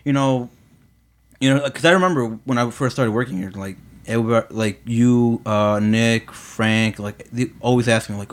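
A man's voice: medium pitch, normal speed. A man talking casually about his workplace, rambling with lots of fillers. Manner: rambling, heavy on fillers and "you know". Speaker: employee. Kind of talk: casual chat.

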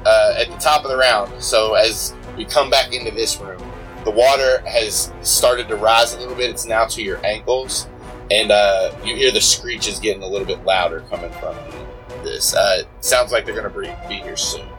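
A man with a fairly low voice runs a tabletop game as its game master. He narrates in a relaxed, easygoing way, chuckling and filling his pauses with plenty of uhs. Faint music plays underneath him. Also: low-quality recording. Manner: relaxed, chuckling, many fillers.

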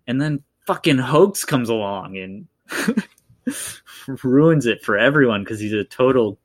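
A man's voice: mid-range voice, lively intonation, slow. Rambling man chatting about movies. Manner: rambling, heavy with fillers like "like" and "you know". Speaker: podcast co-host. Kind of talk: casual film discussion.

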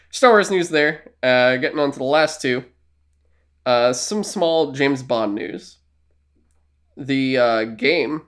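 A man co-hosting a casual podcast, rambling and animated, acting out little quoted exchanges as he talks. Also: mid-range voice. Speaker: podcast co-host. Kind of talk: casual chat.

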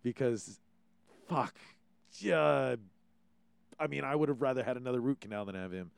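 This Hawaiian man hosting a podcast offers casual opinions, ranting, cursing freely, and acting out quotes. His medium-pitched voice is expressive, creaky yet smooth, at a normal speed with no echo.

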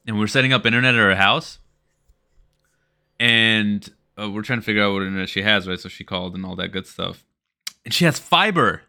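A man's voice: lowish voice, brisk, pushed and bright. A man co-hosting a podcast, teasing his partner in playful casual chat. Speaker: podcast co-host.

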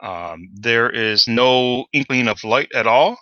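Male game master for a tabletop session; halting narration, bright voice, close dry sound. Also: medium pitch, lively intonation, no room sound, muffled recording. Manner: hesitant, many fillers.

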